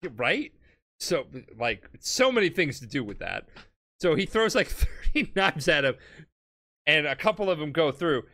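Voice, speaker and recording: With a slightly high, sing-song voice that sounds pushed and bright, an intoxicated man on a comedy podcast rambles through an anime's plot. He swears loosely and acts out characters' lines in brief snippets.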